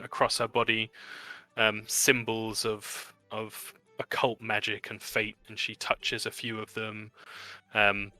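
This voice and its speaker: A man's voice: on the low side, bright, forceful tone, no room sound. A man narrating a tabletop game as game master, telling the story loosely with many fillers.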